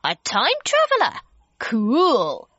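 A woman's voice: high voice, very animated, moderate pace, a bit bright, no room sound, lo-fi sound, pitched above the performer's own voice. A woman doing an eager, chirpy young boy.

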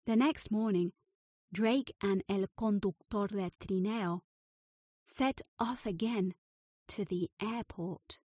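A woman narrating a children's storybook in a slow, clear reading voice. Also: mid-range voice, dark tone, dry recording, studio quality.

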